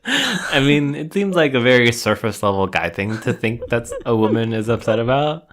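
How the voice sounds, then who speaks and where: A man's voice: mid-range voice, sing-song, normal speed, fairly bright tone. A man co-hosting a podcast, casually and hesitantly recapping a reality show. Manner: hesitant, full of "um" and "like". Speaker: podcast co-host.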